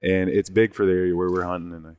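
Man, casual storyteller, animated and rambling, rapid delivery, dry close sound. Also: deep voice, clear, resonant tone, no echo. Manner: animated, rambling, with frequent restarts. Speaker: guest telling a hunting story.

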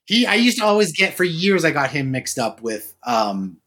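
A man with a Boston accent, trading animated stories and laughs in a casual podcast chat. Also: fairly high pitch, moderate pace. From Massachusetts. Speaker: actor and podcast talker.

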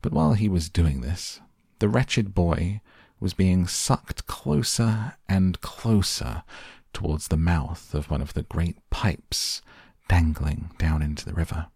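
Low husky storybook narrator. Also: male voice, no room sound, clean studio sound. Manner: measured, expressive storytelling. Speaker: audiobook narrator.

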